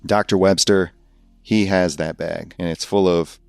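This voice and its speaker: Male podcast host, low voice, rambling comic monologue, dry mic. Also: fairly even intonation, a little slow, creaky, no echo, soft background music. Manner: rambling, laughs at his own jokes.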